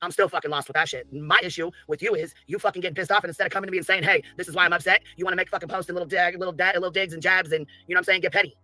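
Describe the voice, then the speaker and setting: A man's voice: sits high, fairly even intonation, racing, few pauses, bright, forceful tone, no room sound, soft background music. A man ranting angrily on a livestream clip, heated and confrontational, swearing constantly. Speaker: streamer ranting in a played clip. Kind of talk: angry livestream rant.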